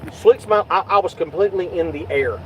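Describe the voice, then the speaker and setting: A middle-aged man talks agitatedly and swears while chatting in a vehicle, loudly acting out what others said. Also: high voice, fairly quick, a little hiss or hum, rough recording. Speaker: YouTube channel host. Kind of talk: casual vlog chat in a car.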